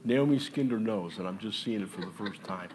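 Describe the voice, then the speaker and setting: A pastor with an American Midwestern accent preaches a sermon in a church sanctuary, chatting and joking between scripture readings in a lowish voice at a brisk pace. The mic is distant in the reverberant space, catching background noise and faint ambience.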